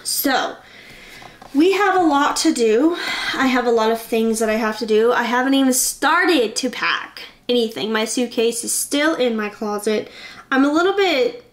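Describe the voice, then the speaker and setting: A young woman vlogging from her bedroom in a chatty, excitable, rambling way. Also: a little high. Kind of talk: casual vlog chat.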